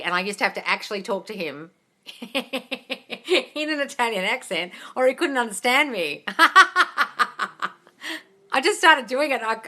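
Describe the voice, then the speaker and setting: Recorded on a phone, this thirty-something manifestation coach answers questions from viewers during a live stream. Her fairly high voice sounds pushed and bright as she chats, laughs readily, curses offhandedly and addresses everyone as "darling."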